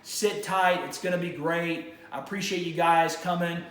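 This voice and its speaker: A man's voice: fairly high pitch, fairly even intonation, moderate pace, fairly bright tone. A male vlog host talking enthusiastically to camera, rambling and restarting his sentences. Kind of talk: casual to-camera monologue. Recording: roomy echo with faint ambience.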